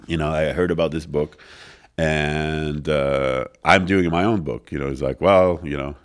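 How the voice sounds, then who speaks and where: Very deep-voiced man. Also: measured pace, smooth. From France. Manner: animated storyteller, acts out quoted dialogue, many fillers. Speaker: interview guest. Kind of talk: casual storytelling interview. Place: recording studio.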